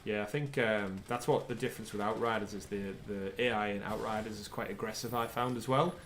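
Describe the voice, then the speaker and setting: Male co-host, lower pitch, casual play-by-play commentary; audible noise on the stream. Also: steady tone, a little fast, fairly bright tone. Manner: chatty, calls out game action. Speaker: livestream co-host.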